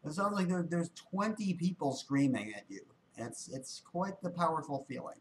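A man's voice: fairly high pitch, very animated, normal speed, heavy background noise. Laid-back man reacting to a video. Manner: laid-back, wry, often repeats words while thinking. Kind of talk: casual reaction commentary.

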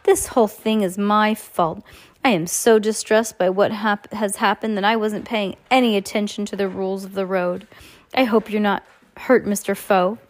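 A woman voicing a scheming villainous man who talks slowly in a low, hissing, menacing way. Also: fairly even intonation, natural voice. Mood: fake sorry.

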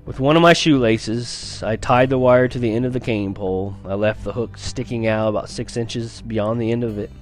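A man's voice: mid-range voice, normal speed, hardly any pauses, soft background music. A man reading a first-person novel aloud in an earnest storytelling manner, with small stumbles and restarts. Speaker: reader of a novel.

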